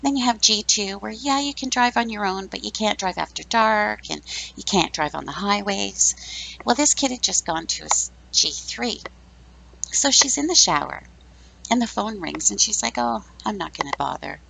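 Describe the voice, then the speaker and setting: A woman's voice: medium pitch, lively intonation, moderate pace, gravelly, pushed and bright, slight background noise, low-quality recording. A woman in her fifties hosting a podcast, giving blunt, sarcastic opinions in a casual, chatty monologue. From Canada. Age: 50s. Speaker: podcast host.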